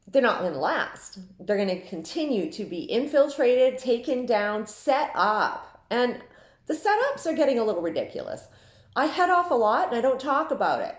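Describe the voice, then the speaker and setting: A woman who runs an online group, talking in a chatty, confiding way with frequent laughs, from Saskatchewan in Canada. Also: on the high side. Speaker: Facebook group admin. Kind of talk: casual monologue. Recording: echoey room.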